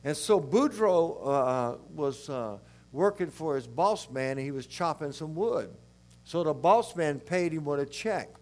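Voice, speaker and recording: An older man from South Louisiana with its accent, preaching a sermon in a rambling, folksy, animated way. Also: on the high side, a little slow.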